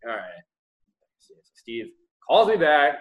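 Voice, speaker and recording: A man's voice: fairly high pitch, takes it slowly, poor audio. A young man, a guest entrepreneur, telling stories in a casual interview, swearing freely and laughing often. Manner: animated, profane, laughs often.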